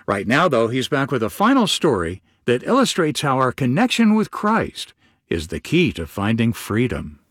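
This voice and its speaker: A man reading a scripted announcement for a radio ministry in a smooth, promotional tone. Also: medium pitch, wildly swooping pitch, moderate pace, fairly bright tone, no echo, studio quality.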